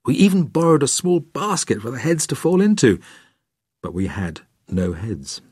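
A man's voice: mid-range voice, very animated, moderate pace, darkish tone, husky, dry recording. An older English man reading his own memoir aloud, dry and wry, acting out the dialogue. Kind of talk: scripted narration.

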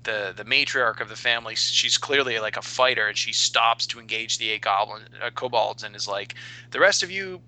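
A man's voice: on the low side, little pitch movement, fairly quick, hardly any pauses, bright, forceful tone, low-quality recording. A man and podcast co-host chatting casually about a game session he ran, talking in a loose, rambling way with many fillers and restarts.

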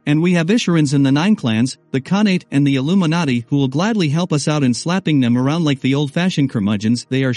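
A man narrating a first-person audiobook in a steady, scripted reading. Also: mid-range voice, dry recording.

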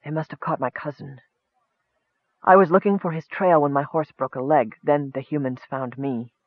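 A man's voice: a little high, moderate pace, dry recording, lightly acted. A man voicing an injured male elf wizard who speaks in a weak, pained whisper, heard over a tinny phone-like line. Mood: despairing.

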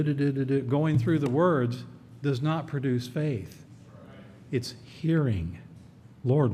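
Earnest preacher man in an echoey hall. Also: a little mellow. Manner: earnest, emphatic, repeats key phrases. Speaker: pastor. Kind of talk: sermon. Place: church. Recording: echoey hall, faint rumble.

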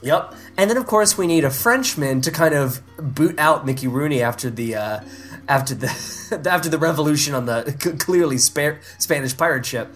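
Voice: medium pitch, expressive, moderate pace, faint music behind. A podcast co-host in casual chat who riffs playfully on made-up movie plots, laughing often. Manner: playful, rambling, laughs often while riffing.

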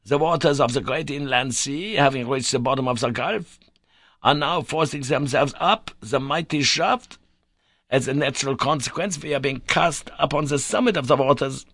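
Man playing an excitable old professor. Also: mid-range voice, normal speed, no room sound, pitched above the performer's own voice. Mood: urgent. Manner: urgent, insistent explaining. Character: elderly excitable male professor uncle.

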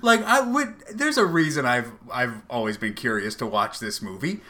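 A man co-hosting a podcast in casual comedic chat, animated and profane, laughing often. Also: mid-range voice, normal speed. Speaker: podcast co-host.

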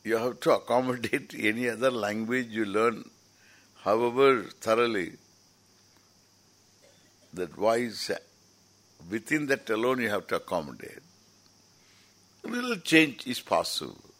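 Slow-speaking man lecturing. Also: mid-range voice, expressive, a bit bright. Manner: rambling, explanatory, with frequent restarts. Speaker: teacher at a scripture camp. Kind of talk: informal lecture.

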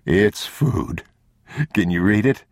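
A man playing a weary, protective father in an audiobook, talking low, steady and reassuring. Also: slow, dry recording, clean studio sound.

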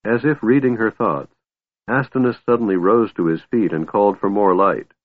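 Male audiobook narrator, lowish voice, measured fantasy reading, tinny dry audio. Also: dry recording. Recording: narrow phone-like audio, dry.

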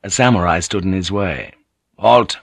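A man reading an audiobook in a measured, even narration. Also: fairly low pitch, no room sound. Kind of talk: scripted narration.

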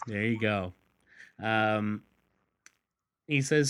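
A man's voice: medium pitch, moderate pace, bright, forceful tone. A man casually retelling a comic book story, acting out the characters' lines in put-on voices and laughing often. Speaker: podcast host.

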